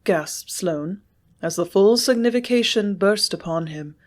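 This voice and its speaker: A woman narrating a classic western novel in a measured storytelling manner. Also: mid-range voice, expressive. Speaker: audiobook narrator. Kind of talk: scripted narration.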